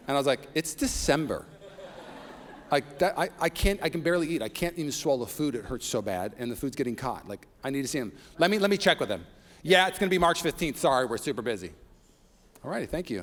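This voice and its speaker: A man preaching a sermon as pastor, reading scripture and telling personal stories with humor and rising intensity. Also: mid-range voice. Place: church sanctuary. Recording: long reverb of a large hall.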